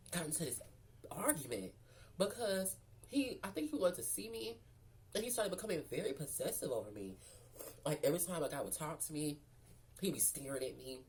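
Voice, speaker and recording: In a deep, slightly mellow voice with a bit of hiss or hum, a vlogger from Memphis, Tennessee tells a personal story. It's a casual storytime, sassy, chatty, and profane, with viewers called girl and baby.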